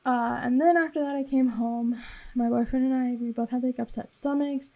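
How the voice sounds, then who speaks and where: A woman's voice: high-pitched, fairly even intonation, normal speed, warm tone. A young woman casually recapping her weekend in a rambling, chatty voice-over for her planner vlog. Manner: rambling and chatty, with frequent fillers. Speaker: planner vlogger.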